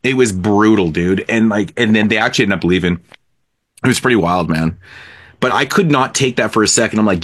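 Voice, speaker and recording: A man's voice: on the low side, fairly quick, fairly bright tone. A man in casual podcast chat, telling a story bluntly and swearing heavily. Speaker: podcast co-host.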